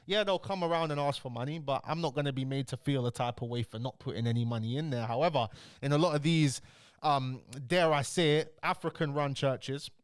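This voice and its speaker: A man's voice: medium pitch, fairly quick, smooth, dry recording, clean studio sound. A young man with a London accent hosting casual reaction commentary, blunt and heated, full of slang. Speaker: commentary channel host.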